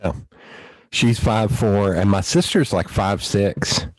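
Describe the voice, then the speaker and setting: A man hosting a podcast, chatting casually and telling animated stories, swearing freely. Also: lowish voice, slow, dry recording, low-quality recording. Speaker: podcast host. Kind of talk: casual conversation.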